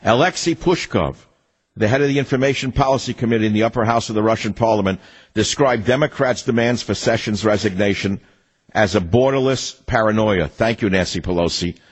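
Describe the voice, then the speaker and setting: A man's voice: fairly low pitch, a little fast, slightly rough, rough recording. An older man hosting a political talk radio show, reading an ad and then ranting in a combative, mocking way.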